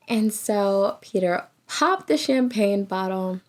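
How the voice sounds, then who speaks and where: A woman's voice: medium pitch, moderate pace, few pauses. A woman recapping a reality show in a casual, chatty way, laughing often and acting out what people said. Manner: animated, laughs often, acts out quotes.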